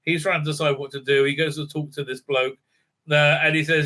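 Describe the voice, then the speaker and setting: A video reviewer with a slightly high, bright voice speaks briskly in a level yet forceful tone. His casual review rambles, packed with fillers and restarts, and he acts out quotes from the show along the way.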